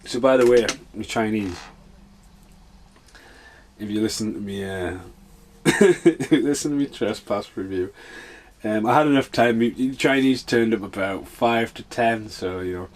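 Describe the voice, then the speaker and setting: A man's voice: fairly low pitch, measured pace. A man casually chatting and swearing his way through a film commentary for his podcast. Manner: swears a lot, chatty and offhand.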